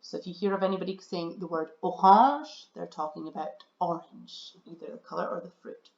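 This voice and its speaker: A woman teacher cheerfully narrates a recorded slideshow lesson for children, speaking slowly and encouragingly while stressing key words. Her voice is lowish, gravelly, and a little mellow, heard in an echoey room with dull audio.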